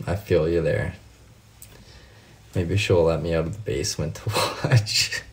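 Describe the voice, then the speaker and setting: A man's voice: low-pitched, steady tone, unhurried. A man casually chatting with viewers on a late-night live stream, swearing freely and telling laid-back stories while he answers comments by name.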